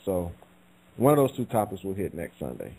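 A man's voice: low voice, sing-song, normal speed, creaky, mellow, a little hiss or hum, poor audio. A man co-hosting a faith radio talk show, talking in a laid-back, conversational way.

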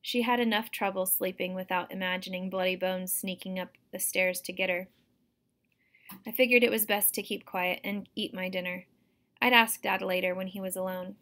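A woman, a teacher, reading a novel aloud to students in a steady, expressive storytelling manner. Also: medium pitch, normal speed.

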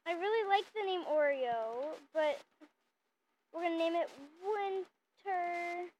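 A woman giving casual, excitable commentary while playing a mobile game, chatting constantly to her viewers. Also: very high voice, takes it slowly, slight background noise, rough recording. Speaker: gaming channel host.

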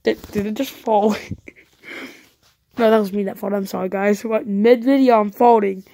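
A woman's voice: mid-range voice, fairly even intonation, moderate pace, dark tone. A woman doing live gameplay commentary as a YouTuber, jumpy and talking to her viewers, often repeating panicked no's. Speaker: YouTuber playing a roleplay game.

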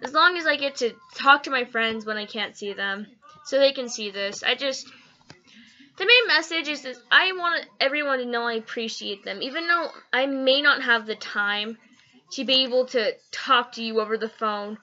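A woman's voice: high-pitched, normal speed, bright, forceful tone. A teenage girl vlogging casually at home, rambling and giggly, then earnest and heartfelt. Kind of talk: casual vlog chat. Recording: dull lo-fi recording.

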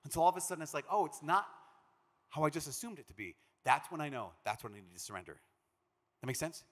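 A man from Minnesota, a priest giving a conference talk, an animated storyteller who acts out the quotes he tells. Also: mid-range voice. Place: large conference hall. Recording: long reverb of a big hall.

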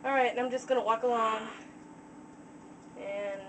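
A woman's voice: a little high, fairly even intonation, normal speed, pauses often, distant mic, a little hiss or hum, low-quality recording. A woman casually narrating a game as she plays, rambling with lots of fillers. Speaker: let's play gamer.

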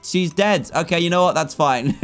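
A young man in his twenties giving excitable, jokey let's-play commentary, laughing often as he plays. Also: fairly high pitch, unhurried, faint music behind. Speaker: gaming YouTuber.

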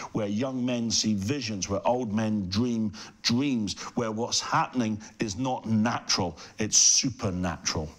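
A middle-aged man preaching a fervent televised sermon, speaking in rhythmic repeated phrases and addressing the viewer directly. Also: lowish voice. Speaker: pastor.

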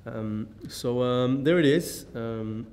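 A man giving a public lecture, pausing often with ums and restarting sentences. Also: a little mellow. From Mexico. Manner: halting, many ums and restarts. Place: lecture hall. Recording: echoey hall, faint rumble.

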